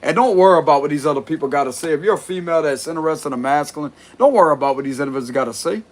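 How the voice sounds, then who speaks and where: A man talking through a tarot reading in a loose, blunt way, with plenty of swearing and chuckling. His voice sits on the higher side for a man. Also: very fast. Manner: blunt, profane, laughs often. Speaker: tarot reader. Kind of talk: casual spoken tarot reading.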